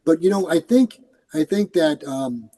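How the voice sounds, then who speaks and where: Animated older man from New York. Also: on the high side, measured pace, low-quality recording. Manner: animated, acts out quoted voices. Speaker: retired police commander, guest. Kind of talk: casual storytelling interview.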